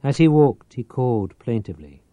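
A man's voice: fairly low pitch, animated, unhurried, no echo, muffled recording. A man narrating a thriller audiobook in a dramatic, tense reading with shifting pace. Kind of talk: scripted narration.

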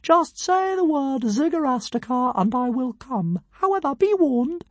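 A woman voicing a tiny, arrogant male dragon who thinks he is a god, with a squeaky, grand and scornful voice. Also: expressive, unhurried, no echo. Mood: pompous. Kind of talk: audiobook character voice.

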